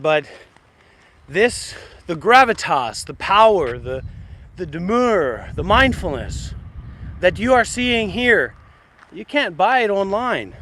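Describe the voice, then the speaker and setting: A man with a high, sharply bright voice streams live about meditation and talks back at viewers. His delivery is blunt and confrontational, and it wanders as he argues. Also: slight background noise. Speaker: meditation livestreamer. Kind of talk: casual livestream rant.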